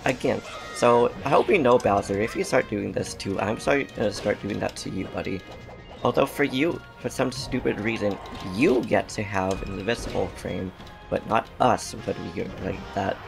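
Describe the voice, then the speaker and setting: A man with a low, gravelly voice talks through a video game in a loose, chatty way. He gets sassy with the enemies and laughs a lot, his pitch jumping around. Game music plays clearly behind him. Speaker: gaming channel host. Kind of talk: casual gameplay commentary.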